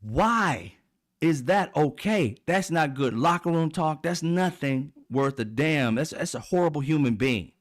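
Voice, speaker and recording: A man's voice: fairly high pitch, expressive, measured pace. A middle-aged man, hosting heated political commentary in a blunt, profane, mocking way. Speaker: commentary channel host.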